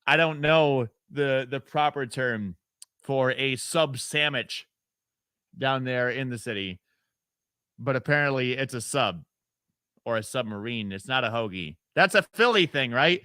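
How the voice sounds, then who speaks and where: A man's voice: mid-range voice, a little slow, pushed and bright, clear, resonant tone, no room sound. A man from upstate New York hosting a radio talk show, opinionated and rambling, with fillers and sarcastic asides. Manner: mocks others by putting on their voices. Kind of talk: casual call-in talk radio.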